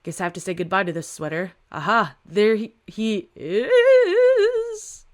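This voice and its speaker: A woman reading a webtoon aloud, voicing a calm young man who rescues someone from a fire. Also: on the low side, fast, close to an everyday voice.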